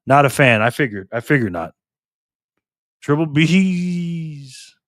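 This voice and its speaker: Livestream host, man, mid pitch, casual and upbeat, greets viewers by name, dry close recording. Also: lively intonation, fast, a bit bright, no echo. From Rochester, New York. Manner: friendly, upbeat, reads chat aloud and greets viewers by name. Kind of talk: casual live stream chat reading viewer comments.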